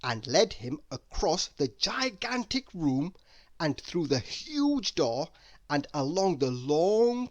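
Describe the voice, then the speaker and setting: Slow, expressive woman reading a bedtime story. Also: on the low side, no room sound. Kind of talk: read-aloud bedtime story narration.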